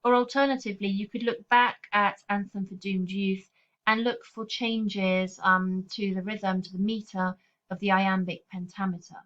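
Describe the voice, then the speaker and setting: A woman teacher giving a recorded poetry lesson over slides, explaining in a clear, steady, patient way. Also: mid-range voice, normal speed. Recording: slightly dull lo-fi audio.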